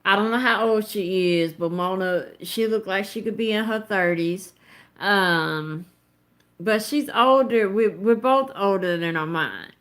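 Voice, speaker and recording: A woman's voice: medium pitch, measured pace, fairly bright tone. A woman in her thirties giving blunt, emphatic live commentary with plenty of profanity. She talks straight to her viewers in a casual, conversational way. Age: 30s. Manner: conversational, addresses viewers directly. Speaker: host of a live commentary show.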